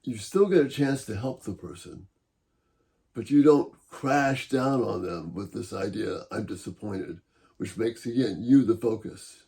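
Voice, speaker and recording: A middle-aged man giving a calm, measured Bible-based teaching talk, gently persuasive as he walks through principles. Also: mid-range voice, gravelly.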